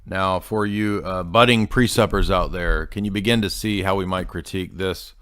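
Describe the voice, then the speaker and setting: A man's voice: sits low, steady tone, moderate pace, fairly bright tone, clear, resonant tone, dry recording, studio quality. A man hosting a commentary show, reacting to a clip in a sarcastic, mocking way. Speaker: host.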